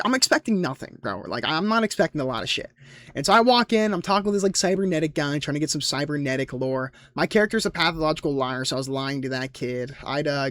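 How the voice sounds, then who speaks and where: A man's voice: fairly high pitch, fairly bright tone, no room sound, clean studio sound. A young man casually recapping his game sessions as a YouTuber, rambling in slangy, profane talk. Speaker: gaming YouTuber.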